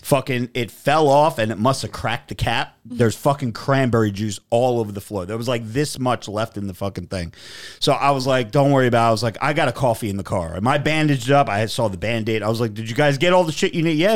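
A young man with a medium-pitched voice tells a story at a fairly quick clip, chatting casually as a podcast host. He swears freely and gets animated, acting out what other people said.

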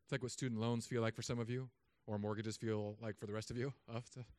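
A man in his thirties, a pastor, preaching a sermon with humor and animated storytelling asides. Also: fairly low pitch, quick pace, no room sound.

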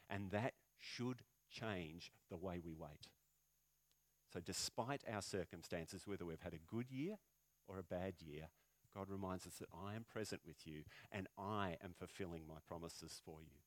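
Pastor guy preaching, lowish voice, lots of "isn't it?" questions, gets loud then goes quiet, dry sound. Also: a little slow, no echo. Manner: conversational preaching with frequent rhetorical questions; swings between loud emphatic lines and quiet, low passages. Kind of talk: sermon.

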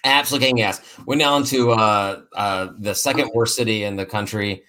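Low-voiced man hosting a casual podcast. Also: a little fast, pushed and bright. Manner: loose and joking, laughs often, repeats words. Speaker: podcast host. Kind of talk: casual sports podcast chat.

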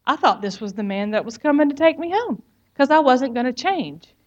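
A woman's voice: high-pitched, expressive, a little fast, dull audio. A woman giving a personal testimony, telling her story frankly and turning to the listener with emphatic asides.

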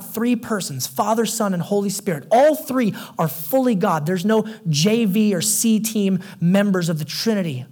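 A young man preaching a sermon as pastor, telling stories in a conversational way and dropping low and quiet for emphasis.

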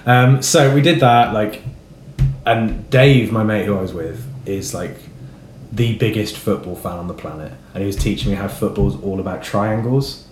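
A man co-hosting a podcast, telling animated, sweary stories in casual chat. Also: lowish voice, normal speed, reverberant, slight background noise. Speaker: podcast co-host.

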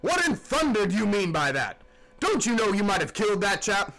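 A man voicing a gaunt, angry sea captain who roars threats in a raised, higher voice. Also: wildly swooping pitch, slow pace, slightly rough, heavily acted, poor audio. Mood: furious. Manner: roaring, threatening.

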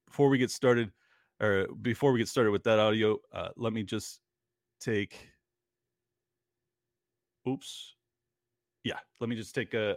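A man's voice: lowish voice, fairly even intonation, unhurried, long pauses, no echo, studio quality. A man hosting a podcast, delivering an angry, profane political rant with biting sarcasm. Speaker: podcast host.

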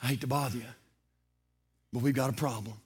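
A man's voice: mid-range voice, steady tone, brisk, husky, pitched below the performer's own voice. Preacher voicing a worried mother.

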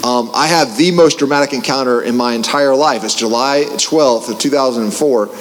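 A man's voice: mid-range voice, normal speed. Man telling a story in a reverberant hall. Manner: animated, restarts, jokey asides. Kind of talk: personal testimony story.

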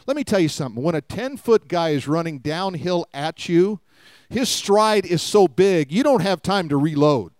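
A man's voice: on the high side, animated, normal speed, dry recording, studio quality. A man preaching a sermon, retelling a story with acted-out quotes and calls for the congregation to respond.

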